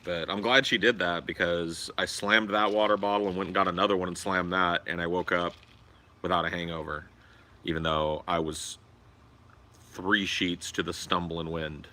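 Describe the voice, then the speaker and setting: A man's voice: sits low, fairly even intonation, moderate pace, sharp tone. A young man hosting a livestream, chatting casually in a crude, profane and joking way. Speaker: livestream host.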